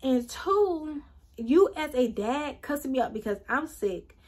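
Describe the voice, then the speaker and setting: A young woman tells a storytime vlog. Her voice sits high, and she speaks straight to the viewers in an animated, chatty way. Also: unhurried, slightly rough. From Atlanta, USA. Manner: animated, talks straight to viewers, acts out quotes. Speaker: vlogger.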